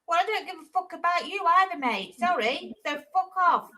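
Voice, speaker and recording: High, sharp-voiced angry woman. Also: expressive, normal speed. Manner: angry, profane, defensive. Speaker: panel guest. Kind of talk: heated livestream argument.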